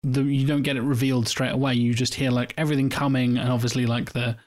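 An enthusiastic man talking through a film scene in a chatty way. He leans on fillers and acts out the characters' lines in passing, at a mid pitch. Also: little pitch movement, quick pace, a little mellow. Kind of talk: casual film discussion.

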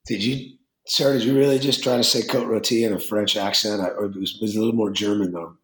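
Blunt, rambling low-voiced winemaker. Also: male voice, brisk. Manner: animated, rambling, blunt, swears casually. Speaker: winemaker and wine business owner. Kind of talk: interview conversation. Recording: roomy echo.

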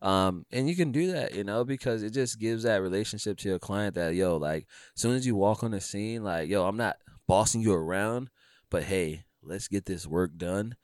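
A man talking casually on a podcast about his photography work, telling animated stories and acting out dialogue. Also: fairly low pitch, normal speed, no echo, studio quality. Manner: animated storyteller, acts out dialogue, says dude and bro.

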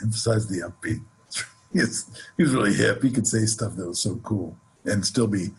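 Very smooth-voiced man teaching jazz. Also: lowish voice. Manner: relaxed explanatory, counts off beats. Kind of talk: instructional lesson with playing examples.

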